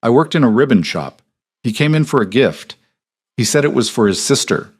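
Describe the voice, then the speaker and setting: A man's voice: medium pitch, animated, moderate pace, husky, voice pushed up. A man voicing a poor, frightened young pregnant woman who pleads through tears in a storybook. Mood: tearful. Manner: weeping, choked, pleading.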